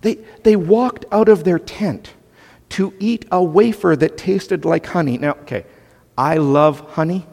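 A man's voice: a little high, unhurried, vocal fry, a little mellow, long reverb tail. A man preaching a sermon as pastor, emphatic and conversational, with asides to the congregation.

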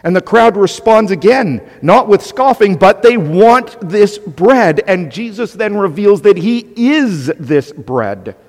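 A man's voice: high voice, a little mellow, long reverb tail. A man preaching a sermon as pastor, emphatic and conversational, with asides to the congregation.

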